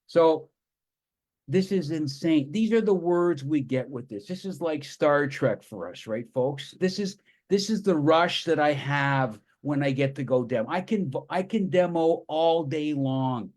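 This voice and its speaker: A man giving a live presentation to an audience, telling stories with enthusiastic, animated energy. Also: on the high side, measured pace.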